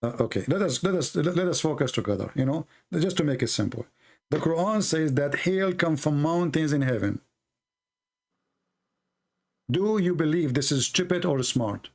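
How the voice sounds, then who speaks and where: Gravelly man pressing hard. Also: on the high side, expressive. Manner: pressing, sarcastic, repeats questions slowly. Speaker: debate host. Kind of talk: combative live call-in debate.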